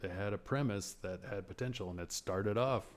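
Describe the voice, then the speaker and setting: A man with a very deep, low voice holds forth as a podcast host. He rambles, swears freely and turns sarcastic, breaking into laughs as he vents. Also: fairly quick. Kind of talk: casual movie rant.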